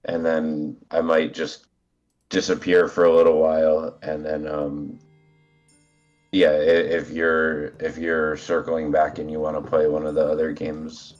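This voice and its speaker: A man's voice: a bass voice, measured pace, soft background music. A congested man chatting as a guest player on an online game stream, rambling and hesitant, heard through a phone on speaker. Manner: rambling, relaxed, hesitant with fillers. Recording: dull lo-fi phone speaker audio.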